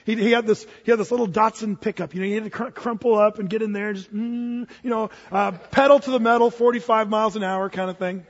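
A man preaching a sermon as pastor, telling stories in a lively way, with many restarts and fillers. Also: sits high, fast talker, hardly any pauses, big-room sound, lo-fi sound.

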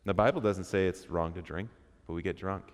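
A man's voice: low-pitched, a little fast. A man giving an interactive sermon to a men's church group, conversational and asking the room questions. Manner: conversational, asks the room questions, acts out quotes. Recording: reverberant hall.

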